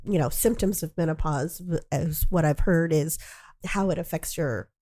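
Brief: female co-host, lowish voice, hesitant, casual chat. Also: moderate pace, mellow. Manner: hesitant, searching for words.

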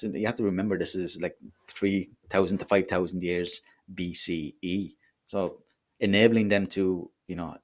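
Low-voiced male podcast host, loose and rambling, corrects himself mid-sentence. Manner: rambling, self-correcting, chatty asides. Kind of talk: solo history podcast talk.

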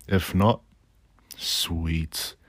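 A man's voice: low-pitched, steady tone, drawn-out words, no room sound. A middle-aged man delivering a reflective spoken-word monologue, earnest and declamatory, slipping in casual slang asides.

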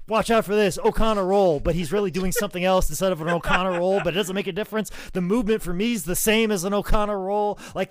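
A man's voice: a little high, dry recording. A man telling a wrestling story in casual podcast chat, swearing freely and filling his talk with "like". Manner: profane, animated, lots of "like" fillers.

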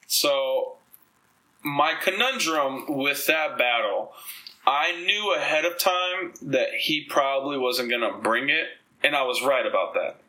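A man's voice: mid-range voice, a little slow, poor audio. A man from the Dominican Republic hosting a podcast, telling rambling, profane stories in casual chat. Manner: rambling, profane, animated storytelling. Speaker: podcast host.

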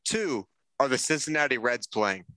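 Bright-voiced profane joking podcaster. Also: male voice, medium pitch, animated, moderate pace, clear, resonant tone, dry recording. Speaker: podcast co-host. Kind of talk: casual podcast banter.

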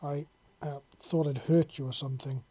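A man reading the part of a gentle, eager young man who speaks softly and hesitantly. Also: on the high side, fairly even intonation, moderate pace, slightly rough. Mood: earnest. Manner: soft-spoken and hesitant.

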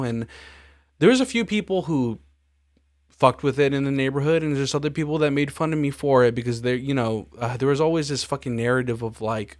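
A man's voice: medium pitch, dry recording, clean studio sound. A young man hosting a podcast, chatting in a laid-back way, swearing freely and laughing often. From grew up in a Hispanic neighborhood in the United States. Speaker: podcast host. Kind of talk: casual podcast chat.

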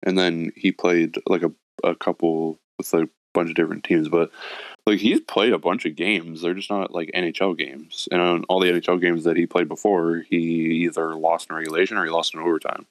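Deep-voiced man, dry close sound. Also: steady tone, brisk, no room sound. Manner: exclaims often, mildly swears. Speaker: podcast co-host. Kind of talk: casual hockey chat.

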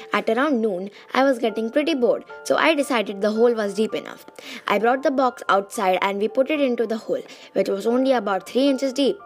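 A young woman who has lost her voice reads a children's diary book aloud in a casual, chatty way, with small restarts. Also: on the high side. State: losing her voice. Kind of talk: casual storybook reading.

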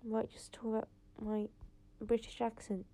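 A woman's voice: on the high side, completely flat delivery, normal speed, mellow. Chatty teen girl podcaster. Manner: rambling, chatty, lots of "like" fillers. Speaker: podcast host. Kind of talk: casual solo podcast chat. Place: home, late at night.

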